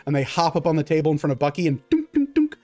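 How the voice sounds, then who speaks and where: A man's voice: a little high, fairly even intonation, racing, darkish tone, no echo. A man narrating a tabletop game as game master, describing scenes in a rambling way with many fillers.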